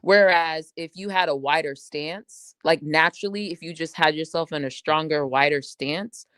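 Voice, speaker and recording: A woman's voice: low-pitched, moderate pace, a bit bright, smooth, dry recording. A woman co-hosting a basketball podcast, breaking down plays in loose, profane chat and acting out players' reactions. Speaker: sports podcast co-host.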